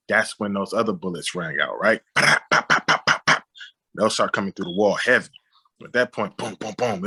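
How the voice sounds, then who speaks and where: A man's voice: fairly low pitch, breathy edge. A man, a director and writer, telling a personal story in an interview, acting out sounds and quoted voices as he goes. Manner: animated retelling with sound effects and quoted dialogue. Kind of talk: conversational storytelling.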